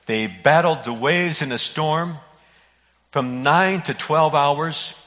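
A man, a pastor, preaching a sermon in an earnest, emphatic way with dramatic pauses. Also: fairly high pitch, a bit bright. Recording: muffled audio in a reverberant hall.

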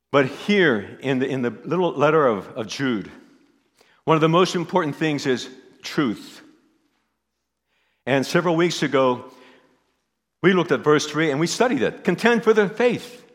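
A male pastor preaching a sermon, emphatic, repeating his key phrases. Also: mid-range voice. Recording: echoey hall.

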